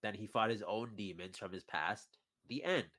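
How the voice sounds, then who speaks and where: Low-voiced man chatting on a podcast. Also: expressive, moderate pace, sharp tone, breathy edge. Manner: rambling, chuckles between points. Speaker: podcast co-host. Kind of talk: casual chat.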